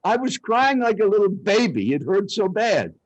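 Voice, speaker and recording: A man's voice: high voice, normal speed, no room sound, low-quality recording. Older guy coaching speaking, big swings in his voice, dry close sound. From Arizona, United States. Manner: animated, dramatic storyteller. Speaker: speech coach guest. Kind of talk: storytelling interview.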